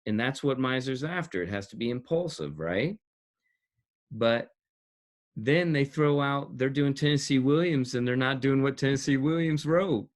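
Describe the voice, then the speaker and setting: A man's voice: medium pitch, moderate pace. A man who coaches actors and directs, explaining his teaching in an interview with emphasis, repeating key words and laughing between points.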